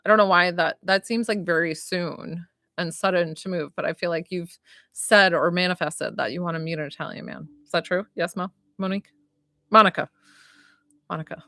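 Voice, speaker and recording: A woman's voice: lowish voice, fairly quick, a bit bright, no room sound, clean studio sound. A woman giving live-stream psychic readings, chatty and giggly, full of likes and ums. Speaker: psychic reader.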